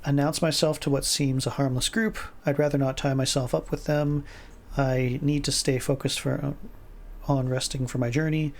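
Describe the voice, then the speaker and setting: A man's voice: mid-range voice, little pitch movement, moderate pace. A man streaming himself reading an interactive fiction game aloud, often stumbling and rereading words, with asides of his own. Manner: stumbles and rereads words, chuckles, puts on voices for lines.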